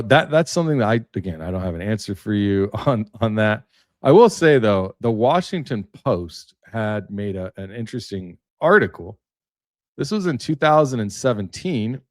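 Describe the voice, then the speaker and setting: A man's voice: fairly low pitch, darkish tone, no echo, studio quality. A man hosting a casual commentary show, chatty, reading articles aloud with joking asides. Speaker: political commentary host.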